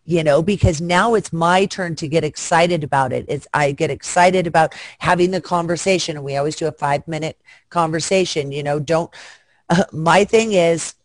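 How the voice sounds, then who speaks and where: A woman's voice: low-pitched, no room sound. A woman guest chatting frankly and bawdily on a video call, joking as she goes. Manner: frank, bawdy, jokey. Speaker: guest performer. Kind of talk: casual chat.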